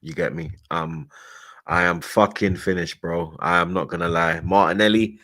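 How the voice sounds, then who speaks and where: A man's voice: low-pitched, fairly even intonation, normal speed, fairly bright tone. Ranting sweary man. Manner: angry, sweary, repeats "blood" and "you get me". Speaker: football podcast host. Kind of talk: ranting casual chat.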